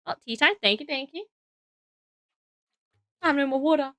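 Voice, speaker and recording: Young woman, Australian accent, tired, rambling, bright lively voice, dry close sound. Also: sits high, moderate pace, no room sound. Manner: tired, rambling, thinking aloud with frequent fillers. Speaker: streamer. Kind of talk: casual live-stream chat while building.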